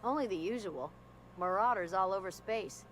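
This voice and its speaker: A woman's voice: medium pitch, moderate pace, a little hiss or hum, natural voice, low-quality recording. A woman playing a folksy, blunt frontier barkeep.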